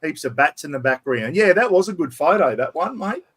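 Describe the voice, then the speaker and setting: Easygoing host, higher voice. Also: male voice, expressive, brisk, fairly bright tone, breathy edge. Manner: easygoing, steers the talk along. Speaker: podcast host. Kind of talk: casual chat.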